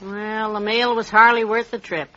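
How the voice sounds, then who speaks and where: An actress playing a cheerful, wisecracking middle-aged housewife in a 1940s radio comedy. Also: female voice, mid-range voice, level tone, moderate pace, sharp tone, natural voice. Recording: dull lo-fi old radio transcription.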